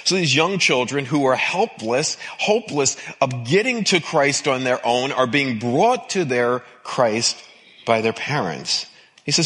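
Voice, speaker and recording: A man preaching a sermon as pastor, with emphatic repetition and an expressive delivery. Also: medium pitch, a little slow.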